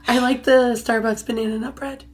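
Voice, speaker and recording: A giggly young woman co-hosting a casual talk show. Her voice sits a little high. She keeps her answers short and lets them trail off. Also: level tone, brisk. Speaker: podcast co-host. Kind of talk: casual chat.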